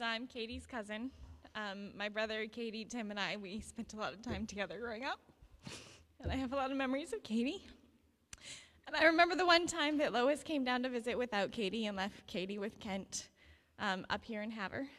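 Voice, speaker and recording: A woman's voice: fairly high pitch, a bit bright. A young woman recalling fond childhood stories about her cousin at a memorial, with light laughter. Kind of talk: memorial remembrance speech. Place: memorial gathering.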